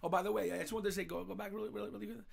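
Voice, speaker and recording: A man's voice: sits high, steady tone, rapid-fire, creaky. A man with a New York accent hosting a casual political talk show, rambling and saying "you know" constantly. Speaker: host.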